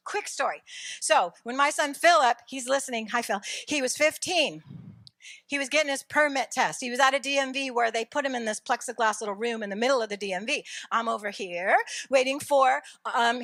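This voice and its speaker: A middle-aged woman preaching a sermon, telling a lively personal story and shouting at its dramatic moments. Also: sits high, no room sound.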